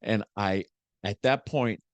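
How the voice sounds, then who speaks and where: A man, a motivational speaker, giving an emotional personal testimony as a podcast guest, shifting from hushed to emphatic like a preacher. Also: lowish voice, takes it slowly, dry recording.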